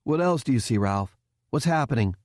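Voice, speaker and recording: A man doing a calm, firm cadet leader. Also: mid-range voice, a little fast, dry recording, studio quality, lightly acted. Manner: steady, commanding, reassuring.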